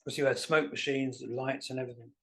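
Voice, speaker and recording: A man, a guest musician telling self-deprecating stories in a relaxed interview. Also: medium pitch, fast talker, gravelly. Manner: animated anecdotal, self-deprecating. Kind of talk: casual storytelling interview.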